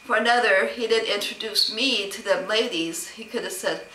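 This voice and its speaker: A woman's voice: mid-range voice, moderate pace, sharp tone, far from the mic, slight background noise. A woman vlogger telling a long, rambling story about being snubbed, with an aggrieved tone and plenty of quoted back-and-forth. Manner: rambling, aggrieved retelling with many quoted exchanges. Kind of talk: casual personal storytelling vlog. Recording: roomy, off-mic with faint ambience.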